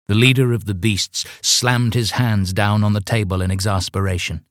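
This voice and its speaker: Low-voiced man reading a novel deadpan. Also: normal speed, few pauses, no echo, clean studio sound. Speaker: audiobook narrator. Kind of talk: scripted narration.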